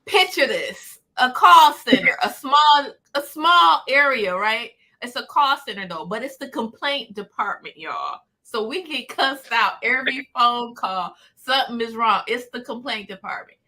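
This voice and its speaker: A woman, hosting a casual chat and telling stories in a lively, slangy way. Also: on the high side, unhurried, hardly any pauses. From Detroit. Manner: animated storyteller, slangy and laughing. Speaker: host.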